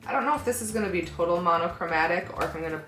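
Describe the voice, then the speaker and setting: A woman's voice: fairly low pitch, racing, fairly bright tone. A woman beauty vlogger talking casually through a makeup tutorial, thinking aloud as she works and often hedging with "like" and "I don't know". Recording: echoey room with faint background music.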